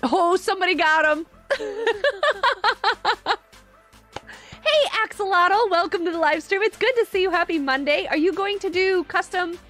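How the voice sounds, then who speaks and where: A high-pitched, chatty middle-aged woman talking through a live game stream, laughing easily and answering her chat. She sounds a bit worn out after a long day. Faint game music plays underneath. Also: a little fast, few pauses, a bit bright. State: tired.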